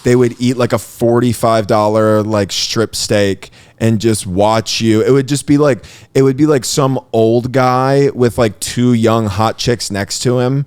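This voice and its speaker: A man's voice: mid-range voice, fairly even intonation, a little slow, few pauses, darkish tone, clear, resonant tone, no echo. A man who is a comedian guest on a podcast, laid-back, chatting and laughing along. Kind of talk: casual chat. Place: podcast studio.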